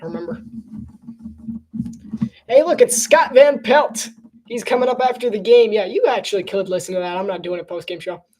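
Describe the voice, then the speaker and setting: A woman's voice: medium pitch, normal speed, long pauses, darkish tone. Chatty playful woman calling a game. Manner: chatty and playful, laughs often. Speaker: live game commentator. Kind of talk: casual live sports commentary.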